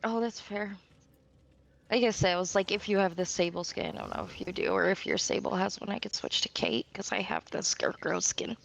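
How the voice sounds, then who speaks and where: A woman's voice: medium pitch, very animated, a little fast, gravelly. A young woman chatting casually with friends while gaming, giggling and swearing freely.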